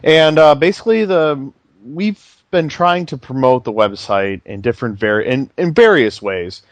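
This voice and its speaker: A man's voice: mid-range voice, animated, normal speed, no echo. A man co-hosting a casual gaming podcast, explaining things in an easygoing way with many fillers. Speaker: podcast co-host.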